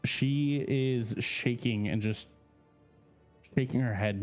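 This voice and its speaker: A man's voice: mid-range voice, slow, soft background music. A man running a tabletop game as game master, describing scenes in a laid-back, plain way.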